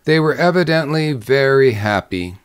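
Smooth, measured male audiobook narrator. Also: mid-range voice, animated. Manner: measured, slowing on descriptive lists. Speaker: audiobook reader. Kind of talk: scripted narration.

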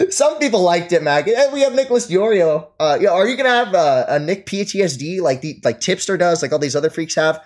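A man's voice: high-pitched, lively intonation, a little fast. A man ranting at his live stream chat, mocking and taunting his target and laughing at them. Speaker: streamer reading and answering chat.

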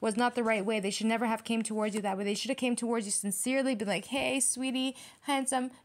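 A woman's voice: fairly high pitch, fairly even intonation, a little mellow. A woman giving a tarot reading straight to her viewers, blunt and heavily profane, getting heated and repeating herself. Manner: fast, repetitive, direct address to viewers. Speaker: tarot reader.

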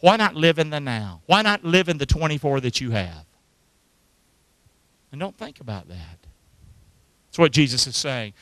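Male pastor, slightly high voice, animated sermon delivery, dry close mic. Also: normal speed, pauses often, no echo, rough recording. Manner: calls for congregation responses, animated preaching.

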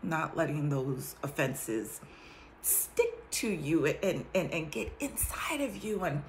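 Speaking slowly in a low voice, a woman talks to her viewers about her faith and what it has taught her, addressing them directly in a casual testimony chat. She's lively and laughs frequently, and a little hiss or hum sits under the recording.

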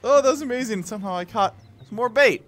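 A man hosting a gaming video, playing a virtual reality fishing game with excitable, playful running commentary, laughing and talking to the fish. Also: very high voice, fast.

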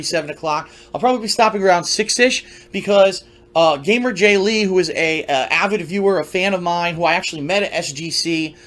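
A man's voice: sits high, a bit bright. A man who streams games and plays a clip announcing his schedule to viewers in a rambling way, full of fillers. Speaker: gaming streamer.

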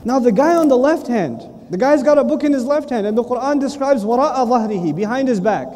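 Lively male preacher in a reverberant hall. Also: very high voice, very fast. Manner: animated, playful, acts out voices. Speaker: Islamic preacher and teacher. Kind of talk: lively sermon with acted quotes. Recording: long reverb of a large hall.

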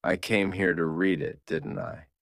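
A man's voice: low-pitched, little pitch movement, unhurried, a bit bright, no room sound. A man voicing a cool, dry, unflappable gangster who has moved into movies. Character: cool confident male gangster turned film producer.

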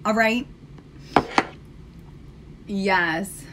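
Sassy, chatty woman with a bright voice. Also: mid-range voice, extremely slow, slight background noise. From United States. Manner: chatty, sassy, talks straight to viewers. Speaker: live-stream host doing her makeup. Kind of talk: casual live chat.

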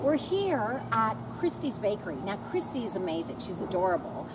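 A woman's voice: medium pitch, big pitch swings, normal speed, far from the mic, heavy background noise. A woman hosting a food show, chatting in a bubbly, jokey way inside a small bakery. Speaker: host. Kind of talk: playful food show chat.

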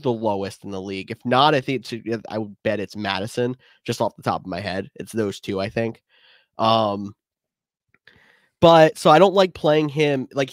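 A man's voice: mid-range voice, no room sound, clean studio sound. A man co-hosting a casual fantasy football podcast, giving opinions while thinking aloud. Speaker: podcast co-host.

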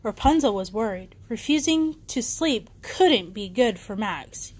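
A woman's voice: medium pitch, lively intonation, unhurried. A woman reading a children's bedtime story aloud, with occasional small slips and restarts.

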